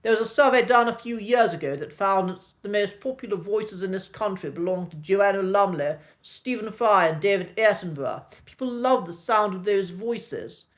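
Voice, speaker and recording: A man with a traditional Received Pronunciation accent, teaching a spoken lesson with clipped vowels and an authoritative, measured manner. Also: sits high. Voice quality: clipped, cut-glass vowels. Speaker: accent coach.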